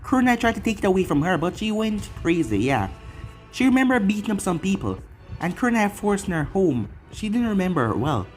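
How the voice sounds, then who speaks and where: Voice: mid-range voice, very animated, a little fast, soft background music. A narrator reading an anime fan fiction story aloud in a plain storytelling way.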